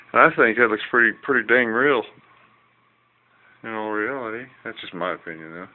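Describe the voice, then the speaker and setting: A man's voice: lowish voice, normal speed, long pauses. A man rambling through a casual home video walkthrough of his hobby project, folksy and easily irritated. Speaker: hobbyist showing a fish tank project. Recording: tinny lo-fi home camera audio.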